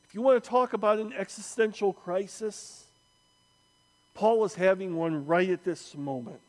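A man preaching a sermon, slow and emphatic, with dramatic pauses and acted-out quotes. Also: high voice, steady tone.

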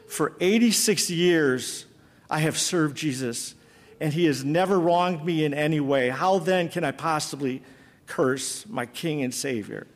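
Man playing a serene old prisoner, steady and unafraid, echo of a large hall. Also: a little high, normal speed, lightly acted. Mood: calm. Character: calm, fearless elderly male prisoner. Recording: long hall reverb.

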